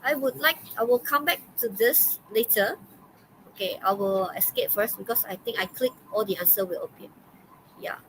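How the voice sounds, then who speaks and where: A woman's voice: a little high, moderate pace, background noise. A woman with a Malaysian English accent teaching an online English class, chatty and full of okays and fillers. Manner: chatty, many okays and fillers, laughs often.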